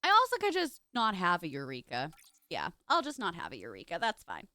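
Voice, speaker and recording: Gushing bright-voiced young woman streamer. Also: fairly low pitch, huge pitch swings, a little fast, dry recording. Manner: gushing, chatty, talks straight to chat. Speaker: live streamer. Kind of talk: casual live-stream chat while gaming.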